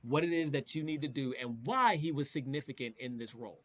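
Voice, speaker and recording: A man talking in an unhurried, emphatic way in a casual group faith discussion. He agrees strongly and circles back over his points as he builds them. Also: medium pitch, a bit bright. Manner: emphatic, agreeing, repeats himself. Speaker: discussion panelist.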